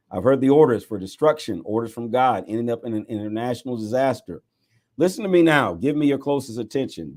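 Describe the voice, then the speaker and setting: A man, a bishop, reading scripture aloud in an expressive way, with exclamations and chuckles between passages. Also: sits low.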